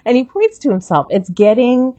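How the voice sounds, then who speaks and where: A woman who is an educator and parent, chatting on a podcast and telling expressive, animated stories about reading with her children. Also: a little high, normal speed, dry recording. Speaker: guest educator. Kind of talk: casual podcast chat.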